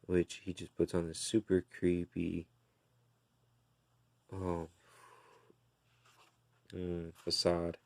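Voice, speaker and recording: A man with a very low, gravelly voice casually recaps a comic book issue. He talks slowly in a flat, even tone, with plenty of fillers and restarts. The sound is dry and close. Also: no echo. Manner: slow, relaxed retelling with fillers and restarts.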